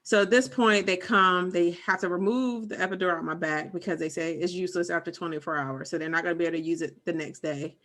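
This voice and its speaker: A woman in her thirties co-hosting a podcast, telling a personal story in a casual, animated way and acting out what people said. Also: fairly low pitch, fast, few pauses. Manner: animated storyteller, acts out quotes. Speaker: podcast co-host.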